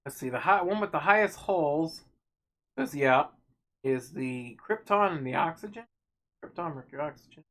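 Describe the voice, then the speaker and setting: A woman's voice: low-pitched, animated, normal speed. A woman streamer narrating a game casually, reading its text aloud with muttered asides.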